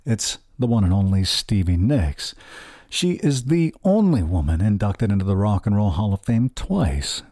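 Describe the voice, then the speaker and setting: A male radio DJ with a low, husky voice and a mellow, dark tone. He talks in a relaxed, chatty way between tracks, dropping light self-deprecating asides. The sound is dry and close, like a studio microphone. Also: no echo. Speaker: radio host. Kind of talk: radio DJ patter between songs.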